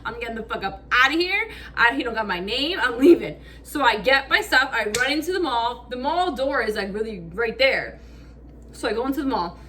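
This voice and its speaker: A woman's voice: on the high side, fairly quick, slight background noise. A woman telling a storytime vlog in casual slang, acting out quotes with lots of fillers and swearing. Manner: animated, acts out quotes, frequent "like" fillers. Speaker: vlogger.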